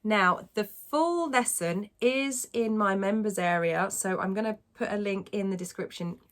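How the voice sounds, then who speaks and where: A woman vocal coach teaching a singing lesson, explaining technique and demonstrating squeaky sung vowels. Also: a little slow.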